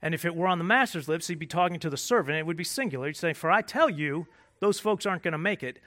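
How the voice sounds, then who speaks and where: A man preaching a sermon as pastor. He repeats and restarts words as he searches for phrasing, and he builds from quiet emphasis to rising intensity. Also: fairly high pitch, racing.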